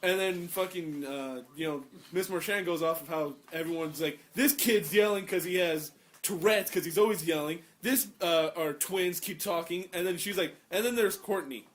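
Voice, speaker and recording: A man's voice: sits high, normal speed. A teenage young man casually telling crude school stories to friends, acting out what classmates said. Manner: crude, animated storyteller acting out classmates' lines. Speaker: podcast co-host. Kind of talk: casual chat, storytelling.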